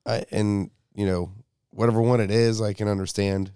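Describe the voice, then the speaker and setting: A man in casual podcast banter who talks haltingly, restarting his sentences and swearing. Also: fairly low pitch, level tone, dark tone, clean tone, no room sound, clean studio sound. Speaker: podcast co-host.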